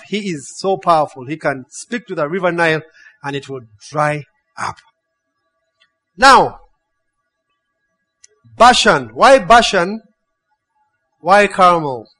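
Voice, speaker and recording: High-voiced man preaching with lively energy. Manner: animated preaching, checks in with listeners by asking "huh?" and "yeah?"; storytelling with laughs and playful acted quotes. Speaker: pastor. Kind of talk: sermon with a personal story.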